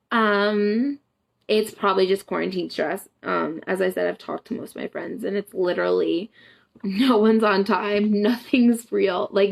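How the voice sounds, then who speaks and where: Gravelly, profane young woman chatting live. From United States. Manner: chatty and profane, laughing often, acting out quotes in a higher voice. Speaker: boudoir photographer hosting a live stream. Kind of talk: casual livestream chat.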